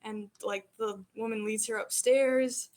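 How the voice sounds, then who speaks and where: A woman's voice: on the high side, steady tone, measured pace, darkish tone. A woman running a tabletop game as game master, narrating casually with lots of fillers.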